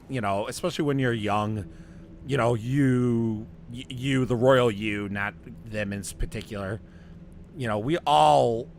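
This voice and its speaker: A man's voice: lowish voice, slight background noise. A man telling a long, rambling personal story in casual chat, often laughing and restarting.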